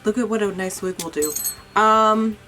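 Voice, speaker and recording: A woman's voice: medium pitch, moderate pace, bright, forceful tone. Young woman, beauty vlogger, casual chat, swears a lot, self-mocking, faint music behind.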